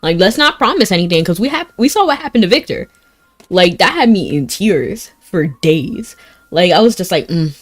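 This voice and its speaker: Her voice sits lowish but swings a lot in pitch as this young woman streams a fantasy game at normal speed, soft music playing underneath. She's chatty, scatters "like" through every sentence, and openly reacts to the plot as it happens.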